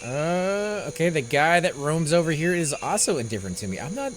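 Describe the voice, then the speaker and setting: Brisk and very animated, this gameplay host has a fairly high-pitched voice, with a bit of hiss or hum underneath. He's in casual voice chat with friends, musing out loud while he plays.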